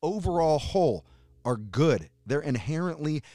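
A man's voice: on the high side, sing-song, unhurried, dark tone, no echo, clean studio sound. A middle-aged American man, a guest on a podcast, ranting in emphatic, profane casual talk, swearing constantly. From United States. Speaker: podcast guest, metal musician. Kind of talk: heated casual rant.

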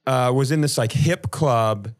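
A man's voice: medium pitch, unhurried. A man who is a comedian, telling a self-deprecating story in a casual podcast chat.

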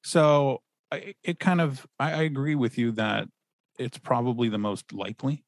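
Measured man in dry close sound. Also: mid-range voice, steady tone, no room sound. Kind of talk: casual chat.

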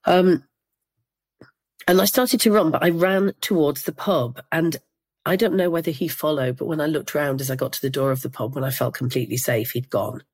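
Older woman, from Northeast England, low voice, interviewee, measured reflective storytelling. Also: a little mellow, breathy edge. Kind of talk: recounting a personal memory.

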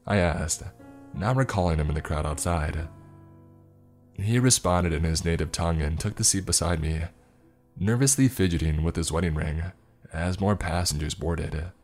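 A man reading a first-person horror story in a measured storytelling way. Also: low voice, darkish tone.

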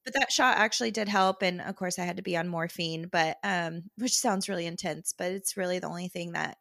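A young woman, co-hosting a podcast and telling a story in casual chat, quoting people in lively voices and laughing often. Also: on the low side, fairly quick, gravelly, no echo, clean studio sound. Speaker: podcast co-host.

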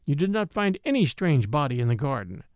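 A man reading the part of a mild, patient priest in a quiet, reflective way, in an audiobook. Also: on the high side, very animated, fairly quick, dry recording, highs cut off. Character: mild little old priest, calm and patient.

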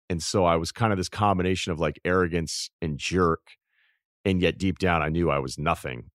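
A very deep-voiced man in his forties talks straight into a podcast mic with a close, dry sound. He tells a personal story in a loose, rambling way, circling back and restarting, and turns reflective and confessional as he goes. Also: no echo. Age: 40s. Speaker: podcast host.

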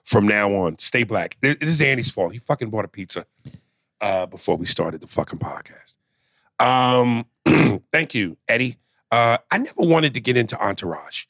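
A man's voice: medium pitch, animated, moderate pace, gravelly, a bit bright, no room sound, studio quality. A man co-hosting a podcast in casual, joking chat, swearing freely. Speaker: podcast co-host.

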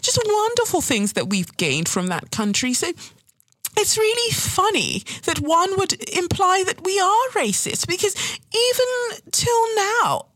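A woman's voice: very high-pitched, very animated, measured pace, a bit bright, no echo, voice pushed up, full character voice, poor audio. A woman voicing a pompous upper-class English snob in a posh accent, drawling and condescending. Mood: snooty.

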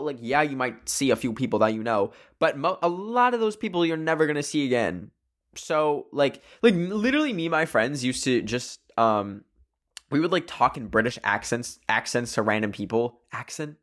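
A man's voice: medium pitch, a bit bright. A young man rambling playfully through casual would-you-rather questions on his own video channel, with many fillers. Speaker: solo video creator.

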